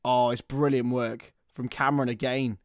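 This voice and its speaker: A man giving live football commentary, chatty with listeners and bursting into shouts at chances and goals. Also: medium pitch, level tone, normal speed, clear, resonant tone, no echo, clean studio sound.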